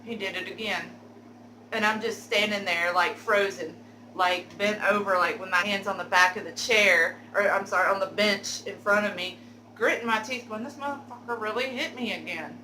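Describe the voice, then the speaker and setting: A woman telling a candid, animated story for her vlog, cursing now and then. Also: medium pitch, normal speed, echoey room, slight background noise, low-quality recording. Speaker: beauty vlogger telling a story.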